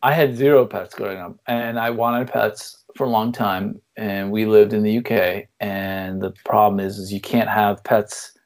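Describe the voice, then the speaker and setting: A man's voice: on the low side, steady tone, a little slow, hardly any pauses, darkish tone. Male co-host, American, playful comic banter. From United States. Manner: jokey, acts out voices of others. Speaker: podcast co-host. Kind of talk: casual comedic chat.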